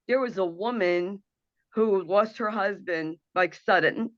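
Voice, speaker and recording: A woman's voice: medium pitch, unhurried, dry recording, muffled recording. A woman hosting an internet radio talk show, speaking in an earnest, emotional and impassioned monologue over a video call.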